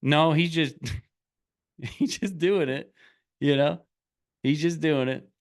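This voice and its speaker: A man's voice: on the high side, takes it slowly. A middle-aged man coaching in a loose, conversational way. He talks bluntly, swears freely and rambles, often restarting his sentences. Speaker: online business coach. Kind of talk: casual motivational talk.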